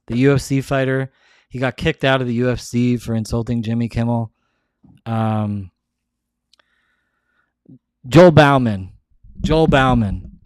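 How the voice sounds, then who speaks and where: A man's voice: mid-range voice, clean tone, dry recording. A man hosting his show, talking in a casual, rambling monologue full of restarts. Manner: rambling, restarts often, many "like"s. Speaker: show host.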